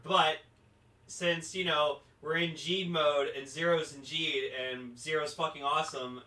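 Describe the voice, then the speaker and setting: A man co-hosting a casual online podcast, joking around and laughing loudly. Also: steady tone, measured pace, roomy sound, poor audio. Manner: jokey, laughs loudly, mock-deep voice bits. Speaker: co-host. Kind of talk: casual podcast chat over the internet. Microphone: remote call mic.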